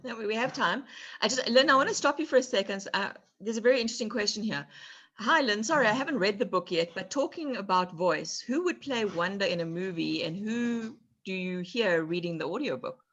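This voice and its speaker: Bright-voiced woman hosting a chat. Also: medium pitch, expressive, a little fast, lo-fi sound. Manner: relays audience questions, friendly and informal. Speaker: interviewer and host. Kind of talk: casual interview chat.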